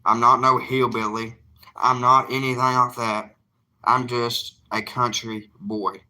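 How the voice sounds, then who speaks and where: A man's voice: mid-range voice, little pitch movement, a little slow, pushed and bright. A young man, an evangelist talking casually to his livestream viewers in an earnest, plainspoken, defiant way.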